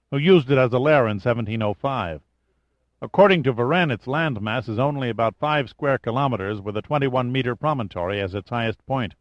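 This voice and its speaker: A man's voice: mid-range voice, dry recording, lightly acted. A man narrating plays a dry-humored tough sidekick who mocks and threatens in the same breath. The voice often rides a bit above the narrator's own, close and dry, with a dull lo-fi sound. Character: wry, menacing male sidekick, joking about torture. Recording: dull lo-fi audiobook recording.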